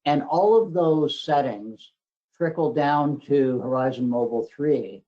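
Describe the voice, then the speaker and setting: A man casually explaining software settings as a guest in a webinar. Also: a little high, a little slow, muffled recording. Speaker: guest presenter.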